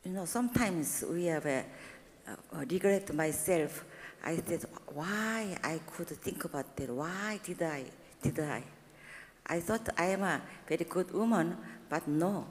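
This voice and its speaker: A woman's voice: deep voice, a little hiss or hum. Korean-accented woman giving a church testimony. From South Korea. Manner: halting, simple English, with frequent restarts; animated and expressive, rising when emphatic. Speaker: university president giving a testimony.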